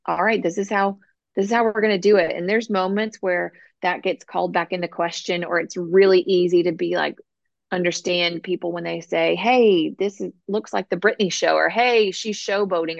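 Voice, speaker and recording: A woman guest, an author and coach, telling her faith story in an earnest, animated way on a podcast interview. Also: on the low side, creaky, no echo, dull audio.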